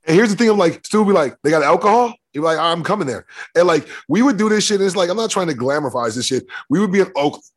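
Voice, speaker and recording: Brash, profane podcast co-host. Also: male voice, high voice, lively intonation. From Michigan. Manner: brash, profane, fast talker who steers the conversation. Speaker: co-host, former football player. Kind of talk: casual podcast chat.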